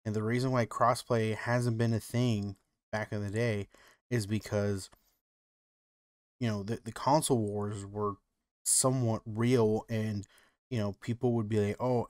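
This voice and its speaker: A man's voice: on the low side, fairly even intonation, normal speed, a little mellow, dry recording, studio quality. A man co-hosting a podcast, chatting casually and rambling, with lots of "like" and "you know". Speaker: podcast co-host. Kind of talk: casual chat.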